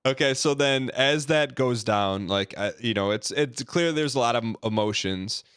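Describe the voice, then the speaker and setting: A man's voice: mid-range voice, normal speed, fairly bright tone, clear, resonant tone, no room sound, clean studio sound. A man hosting a podcast, asking the guest rambling, probing questions with many fillers. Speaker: podcast host. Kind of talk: casual interview.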